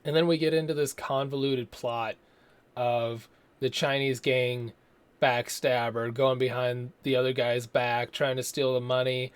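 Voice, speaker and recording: A man's voice: mid-range voice, little pitch movement, unhurried, smooth. A man giving a casual, rambling movie review, swearing freely and slipping into mocking impressions.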